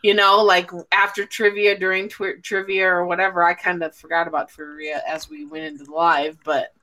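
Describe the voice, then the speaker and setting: A woman's voice: lowish voice, flat delivery, normal speed, bright, forceful tone. A woman hosting a casual livestream chat with friends, talking freely, swearing and laughing often. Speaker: podcast host.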